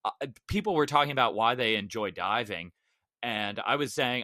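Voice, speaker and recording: Casting: male podcast co-host, lively swinging pitch, bright forceful tone, expressive storyteller. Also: normal speed, no room sound, clean studio sound. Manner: storytelling, expressive, excitable interruptions. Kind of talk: casual chat.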